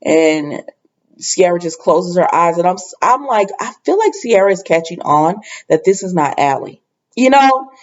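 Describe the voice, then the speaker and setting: A woman's voice: fairly low pitch, expressive, moderate pace, highs cut off. A woman casually recapping a soap opera episode, rambling with lots of fillers and asides.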